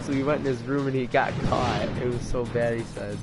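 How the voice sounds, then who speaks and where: A man's voice: medium pitch, little pitch movement, quick pace, hardly any pauses, loud music behind the voice. A young man hosting a gaming video, telling a rambling story over gameplay and restarting his sentences often. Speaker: gaming channel host.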